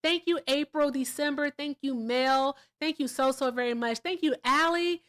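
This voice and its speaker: A woman from Virginia hosting a casual livestream, animated and gushing as she thanks viewers, jumping between loud excitement and quiet asides. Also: sits high, moderate pace. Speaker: livestream host.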